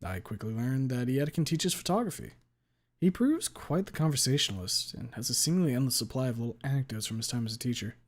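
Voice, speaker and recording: A man reading a visual novel aloud in the first person, with a steady, even delivery. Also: mid-range voice, fast talker. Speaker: narrator.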